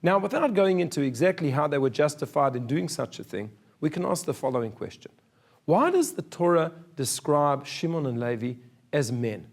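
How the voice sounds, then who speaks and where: A man's voice: fairly high pitch, lively intonation, normal speed. A man, a rabbi, giving a sermon in an earnest, storytelling manner.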